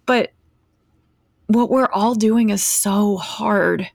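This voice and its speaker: A woman's voice: mid-range voice, very slow, vocal fry, dry recording, studio quality. A woman, a mother and caregiver, chatting candidly as a podcast guest in a blunt, tell-it-like-it-is way and sounding short on sleep. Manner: blunt, candid, animated storyteller. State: sleep-deprived. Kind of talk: casual podcast conversation.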